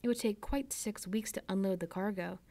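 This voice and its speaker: A woman's voice: mid-range voice, brisk, dark tone, close to an everyday voice. A woman reading the part of a kindly middle-aged male ship owner, fatherly and encouraging in manner. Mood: genial.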